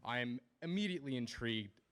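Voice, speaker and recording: A young man telling a personal story at a live community event in a measured, descriptive way. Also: mid-range voice, animated, a bit bright. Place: small event stage.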